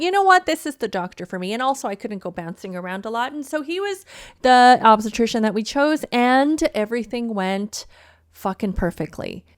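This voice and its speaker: A woman's voice: medium pitch, no echo, studio quality. A woman hosting a podcast, telling a story in a blunt, wry and profane casual rant. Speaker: podcast host. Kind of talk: casual ranting monologue.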